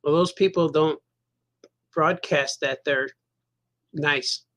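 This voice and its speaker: A man hosting a casual podcast chat, supportive and quick to laugh. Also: fairly high pitch, fairly even intonation, a bit bright. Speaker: podcast host.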